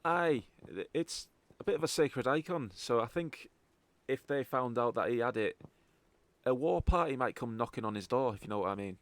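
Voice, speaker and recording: A man's voice: medium pitch, animated, moderate pace, dry recording, lightly acted. A man voicing a male local contact with a put-on Scottish accent, folksy and full of "aye". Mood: conspiratorial. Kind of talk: in-character voice in a tabletop game.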